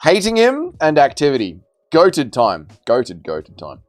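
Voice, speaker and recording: Lively man hosting a livestream. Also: fairly high pitch, measured pace. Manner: bantering, reads and answers chat messages aloud. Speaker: livestream host. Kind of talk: casual live chat reading viewer messages.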